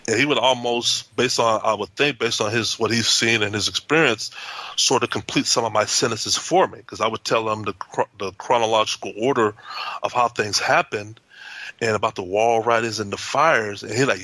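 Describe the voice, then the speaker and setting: A man's voice: lowish voice, moderate pace, sharp tone, no echo. A man, a house owner being interviewed, telling his story in a rambling way with many restarts and acted-out quotes.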